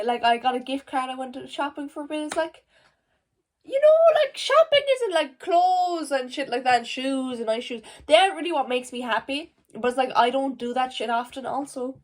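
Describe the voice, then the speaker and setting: A teenage girl from Ireland, rambling to camera at home in a casual vlog, full of "like" and swearing. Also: high-pitched. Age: teens. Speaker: vlogger. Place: at home, indoors. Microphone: camera facing her.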